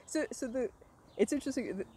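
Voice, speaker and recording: A woman guest in a casual conversation, telling stories with animated energy and frequent laughter. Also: on the high side, quick pace, breathy edge, low-quality recording. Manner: laughs often, animated storytelling. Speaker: stand-up comedy teacher, guest.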